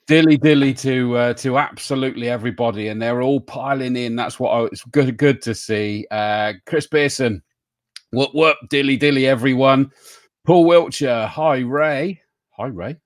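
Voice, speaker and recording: A man's voice: mid-range voice, moderate pace, no echo, studio quality. A man hosting a casual live stream, joking with his co-host and reading out viewers' names and greetings.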